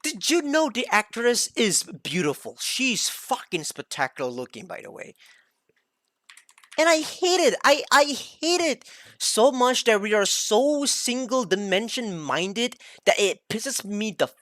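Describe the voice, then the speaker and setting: A woman's voice: on the high side, sing-song, a little slow, fairly bright tone, no echo, clean studio sound. A woman streamer ranting in a heated, emphatic casual monologue, swearing often.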